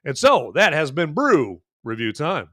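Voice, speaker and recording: A man's voice: on the high side, wildly swooping pitch, measured pace, very noisy. A man hosting a casual movie and beer review show, rambling and enthusiastic, with lots of fillers and repeated tag phrases like "okay?". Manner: enthusiastic and jokey. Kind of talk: casual review chat to camera.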